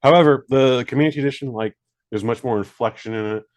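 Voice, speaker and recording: Man, podcast co-host, casual chat, rambling, self-deprecating, mid pitch. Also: fairly quick, darkish tone. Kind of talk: casual movie review chat.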